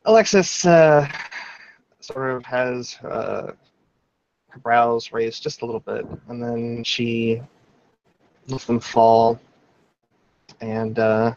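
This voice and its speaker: A man's voice: medium pitch, slow pace, vocal fry, pauses often, a little mellow, highs cut off. A man playing a tabletop role-playing game, describing his character's actions in a casual, rambling way with frequent swearing. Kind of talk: tabletop role-play narration.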